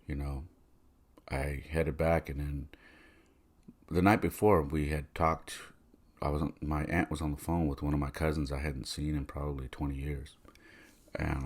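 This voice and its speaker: A man's voice: extremely low pitch, level tone, a little slow, long pauses. A middle-aged man hosting a podcast, telling a personal story in a casual, conversational way and acting out the voices of the people he quotes. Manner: conversational, many fillers, acts out quoted voices. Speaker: podcast host.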